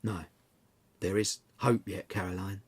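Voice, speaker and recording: A man reading aloud, voicing a careworn young husband in a hushed, halting, breathy way. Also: sits low, steady tone, pitched below the performer's own voice. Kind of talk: storybook reading.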